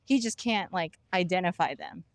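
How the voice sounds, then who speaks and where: A woman's voice: lowish voice, moderate pace, gravelly, dry recording. A young woman co-hosting a podcast, rambling with many "like" fillers and breaking into giggles. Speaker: podcast co-host. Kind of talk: casual chat.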